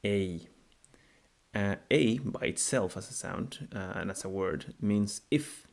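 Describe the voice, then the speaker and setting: Male language teacher, low gravelly voice, patient, slow modelling of sounds. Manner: unhurried, repeats words slowly to model pronunciation. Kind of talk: explanatory video lesson.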